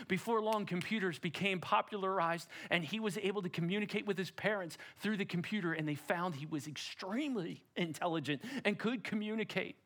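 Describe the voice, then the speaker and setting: A man's voice: sits high, fairly bright tone. A middle-aged pastor preaching a sermon in a church, direct and emphatic, putting rhetorical questions to his congregation. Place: church sanctuary.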